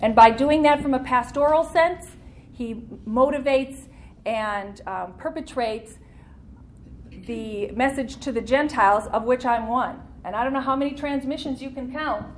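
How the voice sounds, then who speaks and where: A woman's voice: fairly high pitch, slight background noise. Earnest woman leading a Bible study. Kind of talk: teaching a church Bible study class.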